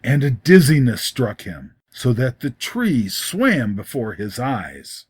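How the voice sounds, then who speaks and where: A man reading a short story aloud in a measured, expressive way. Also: medium pitch, husky, no room sound. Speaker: story reader. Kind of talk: storybook narration.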